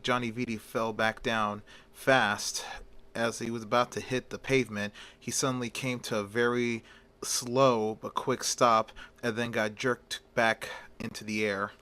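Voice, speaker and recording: A man telling a fan story in a bright, clear voice at an ordinary pitch. He reads in a halting, homemade way, stopping for fillers and starting lines over. It has the plain feel of a hobby storyteller. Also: level tone. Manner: halting, with many fillers and restarts.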